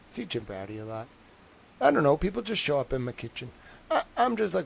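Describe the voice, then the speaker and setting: This young livestreamer has a fairly high, gravelly voice and speaks quickly and very animatedly. He rambles with plenty of fillers like "like" and "I don't know," dropping wry laughs between tales.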